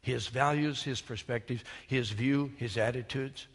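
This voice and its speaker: A man's voice: medium pitch, fairly even intonation, measured pace, in a large hall. A man preaching an emphatic, storytelling sermon in a church sanctuary. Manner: emphatic, storytelling, shifts from loud to hushed.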